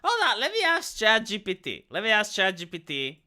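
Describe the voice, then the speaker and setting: Romanian-accented streamer ranting to chat, bright sharp voice, cusses a lot, super blunt. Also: mid-range voice, wildly swooping pitch, moderate pace. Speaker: live streamer. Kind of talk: casual livestream rant.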